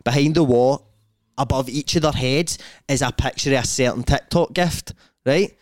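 A young Scottish man chats on a podcast, spinning animated stories packed with slang. He often breaks into loud laughter. The mic is close and dry, with no room sound. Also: medium pitch, normal speed, dry recording. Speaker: podcast co-host. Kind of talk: casual chat.

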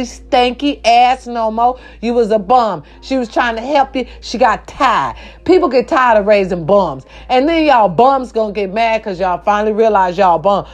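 A woman's voice: fairly high pitch, darkish tone. A woman delivering an impassioned vlog rant. She is blunt and profane, and she repeats her phrases for emphasis. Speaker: vlogger.

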